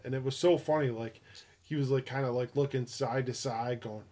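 A man spinning a casual anecdote for a co-host, rambling through fillers and restarts and swearing freely. His voice sits at an ordinary middle pitch. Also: steady tone, moderate pace, a little mellow. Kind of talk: casual chat, storytelling.

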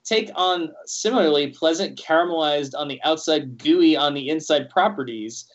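A man co-hosting a casual podcast, teasing his friends and reading a list of snack hacks aloud with stumbles. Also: a little high. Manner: joking, teasing, reads items haltingly. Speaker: podcast co-host. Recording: muffled lo-fi audio.

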